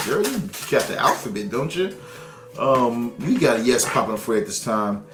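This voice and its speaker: A man's voice: mid-range voice, sing-song, normal speed, music in the background. Casual male tarot streamer, loose and profane, laughs a lot; echoey room sound. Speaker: tarot reader on a live stream. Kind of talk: casual live-stream reading.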